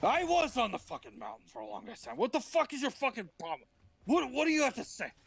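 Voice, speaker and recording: A man voicing a frantic, foul-mouthed adult male Moses who shouts and curses in high bursts. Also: sing-song, slow pace, no room sound, heavily acted. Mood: exasperated.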